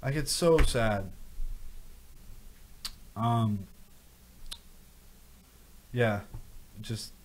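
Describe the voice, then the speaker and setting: A man chats casually on a livestream from his home setup, his voice at an ordinary middle pitch. He rambles and breaks into animated rants, repeating words for stress, and he drifts off the mic now and then. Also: very slow, long pauses, slight background noise. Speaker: crypto livestream host. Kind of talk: casual livestream chat reading viewer questions.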